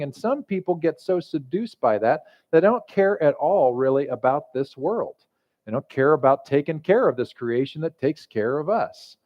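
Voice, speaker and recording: A male pastor with a fairly high-pitched voice delivers a sermon in a conversational, joking storytelling style. The recording is slightly muffled.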